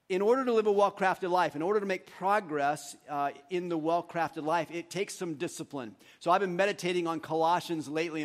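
A pastor with a high voice preaches a conversational sermon in a church. He talks easily with the congregation and coaches them as they recite together. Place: church sanctuary.

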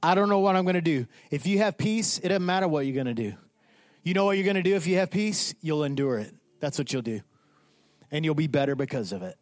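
Lively high-voiced pastor preaching. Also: male voice, brisk, no echo. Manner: animated, acts out voices of disciples. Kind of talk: sermon.

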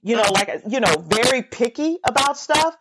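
A woman, a mother, co-hosting a casual chat, animated and opinionated, mimicking people in mocking voices. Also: fairly high pitch, normal speed. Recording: loud background hiss.

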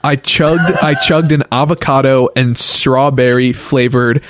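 A man's voice: mid-range voice, steady tone, a little slow, a bit bright, dry recording. A young man co-hosting a podcast, joking around in a playful, mock-indignant banter. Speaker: podcast co-host. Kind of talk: casual comedic chat.

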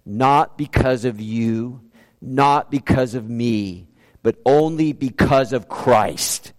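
A man's voice: medium pitch, slow, in a large hall. A man preaching a sermon as pastor, earnest, asking rhetorical questions and repeating key phrases for emphasis.

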